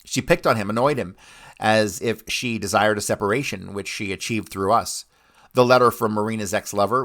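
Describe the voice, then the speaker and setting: Host, male, lowish voice, reads history texts and then rants with plenty of swearing. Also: fairly bright tone. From United States. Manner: blunt, swears often, rants between readings. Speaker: podcast host. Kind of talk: history commentary with read-out passages.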